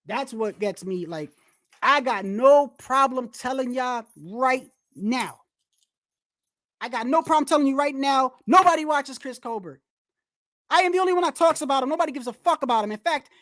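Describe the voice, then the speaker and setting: A woman's voice: sits high, dry recording, studio quality. Blunt, swearing woman ranting on stream. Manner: blunt, emphatic, swears, many restarts. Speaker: boxing commentary streamer. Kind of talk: live stream commentary, casual rant.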